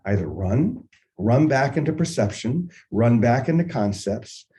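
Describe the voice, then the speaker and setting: An older man hosting a morning spiritual session, musing unhurriedly and telling a personal story with gentle humor. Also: medium pitch, lively intonation, measured pace, rough recording. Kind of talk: reflective spiritual talk with storytelling.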